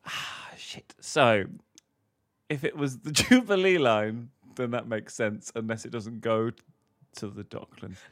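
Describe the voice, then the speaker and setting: A man's voice: medium pitch, normal speed. A man co-hosting a podcast, playing a quiz contestant who complains, swears and laughs in casual comedic banter. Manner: mock-exasperated, swears and laughs.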